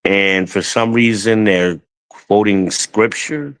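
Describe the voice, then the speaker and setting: A man's voice: on the low side, steady tone, slow, fairly bright tone, low-quality recording. A man giving blunt, profane relationship advice in a heated livestream rant, talking to his chat.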